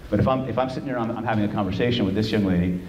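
A man with a low voice lecturing a live seminar audience. He jokes, and he checks in with them again and again. The room is roomy and echoey, with a faint hiss under the voice. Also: very fast, lo-fi sound. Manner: animated, joking asides, frequent "right?" check-ins. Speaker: seminar presenter.

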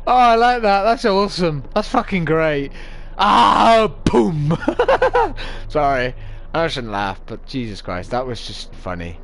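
A man's voice: a little high, big pitch swings, measured pace, fairly bright tone. A man commentating a horror game, jumpy and swearing a lot with nervous yelps and laughs. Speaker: gaming video host. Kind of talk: let's play commentary.

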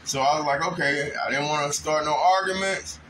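A man's voice: a little high, fairly quick, bright, forceful tone, slight background noise, low-quality recording. A man telling a rambling, aggrieved story in casual monologue at home, breaking into raised outbursts. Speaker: vlogger. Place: home kitchen.

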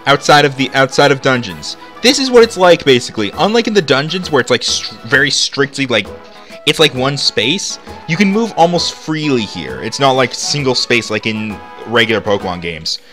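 A man talks through a video game in loose, rambling commentary full of fillers. His voice swings up and down a lot and has a bright edge. Game music plays faintly underneath. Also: medium pitch, very animated, normal speed. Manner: rambling, chatty, lots of "like" fillers. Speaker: let's play host. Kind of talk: casual gameplay commentary.

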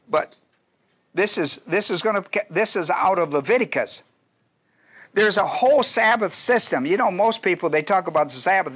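A man in middle age teaches scripture to a class in a loose, talky lecture, circling back and checking in with his listeners. His voice sits a bit high for a man and has a bright, forward edge. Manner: conversational teaching with asides and restarts. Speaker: pastor. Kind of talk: Bible study lecture.

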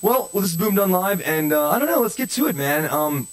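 A man's voice: sits high, lively intonation, brisk. Joking young male comedy host. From Maryland, USA. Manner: joking, rambling, playful. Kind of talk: casual comedic chat.

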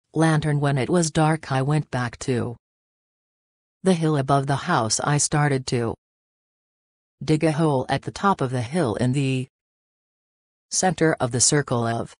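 A woman reading the lines of a secretive man who has dug up an old crown, in a slow, even reading voice. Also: deep voice, dry recording, clean studio sound. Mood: uneasy.

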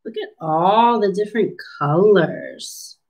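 A woman's voice: medium pitch, darkish tone. A woman, a speech therapist, reading a picture book to children and asking them encouraging questions. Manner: slow, encouraging, asks the listener questions. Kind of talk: children's storybook read-aloud lesson.

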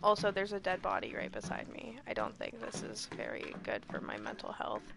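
A woman streaming a game live, excitable and shouty, swearing often. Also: medium pitch, brisk, creaky, background noise. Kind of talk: live gameplay chat.

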